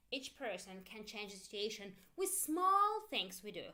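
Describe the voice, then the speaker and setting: A woman with Russian as her first language, teaching an online English grammar lesson and repeating phrases slowly for students to echo. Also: mid-range voice, very animated, sharp tone.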